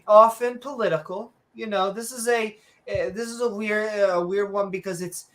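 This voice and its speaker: A man with a high voice speaks at a moderate pace in a steady tone. He co-hosts a skeptic podcast and delivers casual reaction commentary as a rant, swearing freely and restarting often.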